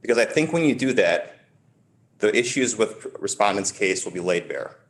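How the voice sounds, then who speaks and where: This is a male attorney presenting formal oral argument in a courtroom. His voice sits on the lower side, and he speaks in a measured way, repeating and stressing key terms to drive his points home. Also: animated. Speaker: attorney arguing for petitioner.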